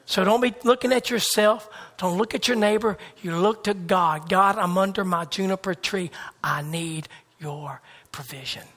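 A man delivering a sermon in a high, bright voice. He drives his points home through repeated phrases. He swings between loud, fervent bursts and near-whispered hushes. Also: fairly even intonation, normal speed, few pauses. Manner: repetitive, emphatic preaching cadence. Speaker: preacher.

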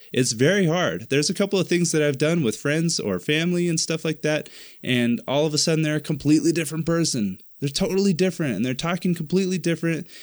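A man with a fairly low voice speaks earnestly and at length, circling back and repeating words as he gives advice to other creators. The recording is close and dry, with almost no room sound. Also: no room sound. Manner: earnest, rambling, repeats himself. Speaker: content creator giving advice. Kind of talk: casual advice monologue.

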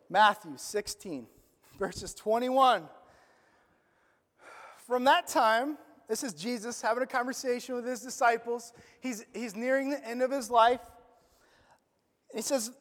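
The sermon comes from a medium-pitched pastor who keeps it conversational, full of slang and questions to the audience, alternating booming emphasis with quiet, murmured lines. It's recorded with the long reverb of a large hall.

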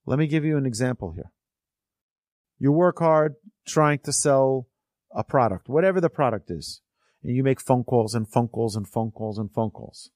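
A man's voice: mid-range voice, darkish tone, no room sound, studio quality. A religious teacher telling a parable and explaining it to his weekly class in an earnest, discursive way. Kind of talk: storytelling lesson.

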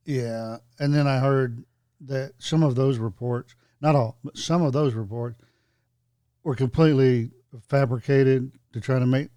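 Hesitant man with a mellow voice. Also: mid-range voice, fairly even intonation, measured pace, clear, resonant tone, no room sound, studio quality. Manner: hesitant, many ums and uhs, wry. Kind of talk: casual chat.

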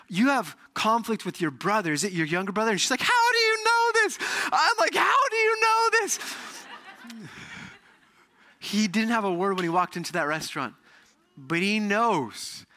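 A middle-aged man preaching as a pastor, telling stories with animated energy and acting out the voices of the people in them. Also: fairly high pitch. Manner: animated storytelling, acts out quoted voices. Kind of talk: sermon. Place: church sanctuary.

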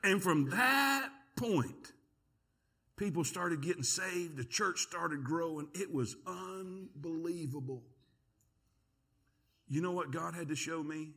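A pastor preaching a sermon, telling a story with lively energy and quick repeated words. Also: male voice, a little high, breathy edge. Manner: storytelling, animated, repeats words when excited.

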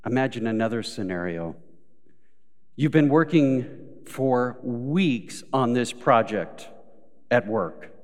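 In a church sanctuary, a man with a darkish, mid-range voice preaches in a slow, animated way, pausing often. He tells everyday stories, voices what people say, and rises to emphatic peaks before easing off, all with long hall reverb from the live recording.

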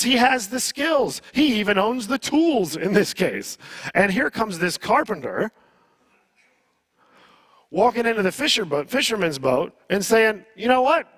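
A pastor with a strikingly high, slightly bright voice delivers a sermon in a relaxed, conversational style. He poses rhetorical questions and shifts his pace faster or slower for emphasis. The sound is dry and close, free of room echo.

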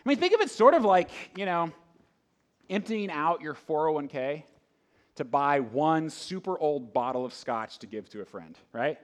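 High-voiced pastor, conversational sermon. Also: male voice, sing-song, normal speed. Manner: conversational, many rhetorical questions, swings between loud and hushed.

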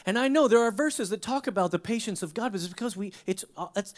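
A fast-talking pastor preaches a conversational sermon packed with rhetorical questions. His emphatic bursts drop into hushed, low asides.

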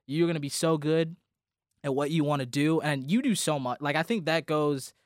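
A man's voice: on the high side, moderate pace, no room sound, clean studio sound. Young man giving a rambling farewell. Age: young adult. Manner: rambling, heartfelt, with restarts and laughter. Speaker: college radio host. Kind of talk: emotional farewell speech on air.

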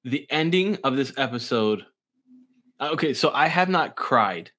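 A man's voice: mid-range voice, lively intonation, normal speed, sharp tone. Earnest, enthusiastic man on a podcast. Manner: enthusiastic, earnest, often agreeing. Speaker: podcast guest. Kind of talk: casual review chat.

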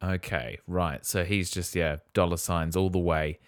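A man's voice: low voice, fairly even intonation, measured pace, no room sound, clean studio sound. A man co-hosting a casual podcast, reacting wryly and asking playful questions about a film. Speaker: podcast co-host. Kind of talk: casual chat.

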